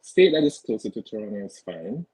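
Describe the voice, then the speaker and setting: A man's voice: lowish voice, very animated, fairly quick, mellow, husky, no room sound, rough recording. A man answering dating questions on a video call in brief, hesitant replies full of fillers. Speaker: guest single. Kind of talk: interview answers.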